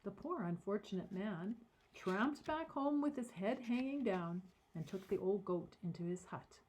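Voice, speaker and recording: A woman reading a story aloud to children in an animated, dramatic way, giving voices to the characters. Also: medium pitch, a little slow, a little hiss or hum, rough recording. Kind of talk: expressive read-aloud storytelling.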